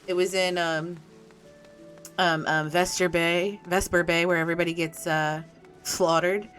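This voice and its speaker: A woman's voice: lowish voice, flat delivery, unhurried, a bit bright, faint music behind. A young woman streaming a game in casual, sassy chat, laughing often and talking back to the characters.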